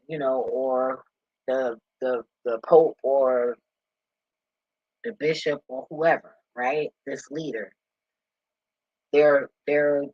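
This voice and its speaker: Guy ranting and cussing, kinda husky, dull dry recording. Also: medium pitch, no room sound. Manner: animated and profane, laughing and swearing freely. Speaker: commentator. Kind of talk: profane casual rant.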